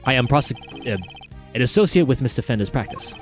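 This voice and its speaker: A game player voicing a formal, analytical male prosecutor with a measured, dry delivery. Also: medium pitch, lively intonation, faint music behind, voice pushed down, lightly acted. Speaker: prosecutor character.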